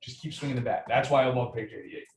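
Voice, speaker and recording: A man's voice: mid-range voice, fairly even intonation, fast talker, darkish tone. Brief: man leading a workshop, upbeat coaching tone, recorded from a distance in an echoey meeting room. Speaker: training session leader. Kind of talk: lively group training talk. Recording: roomy echo, distant mic, faint noise.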